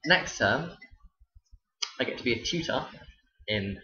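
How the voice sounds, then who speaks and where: A man's voice: medium pitch, expressive, measured pace, sharp tone. A young man, a teacher, telling stories casually to camera with a dry, sarcastic delivery. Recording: roomy, dull lo-fi sound.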